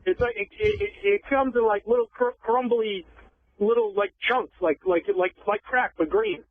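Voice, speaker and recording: A man's voice: high-pitched, moderate pace. A man from Boston calling into a radio show, speaking with a heavy stutter that repeats syllables again and again. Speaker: caller. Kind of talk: phone-in chat. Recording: tinny phone line.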